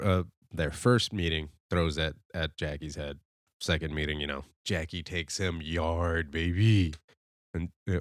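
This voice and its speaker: A man's voice: deep voice, no echo, clean studio sound. A man hosting a podcast, reviewing a film in a rambling, conversational way that gets fired up about the sport. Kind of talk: casual spoken film review.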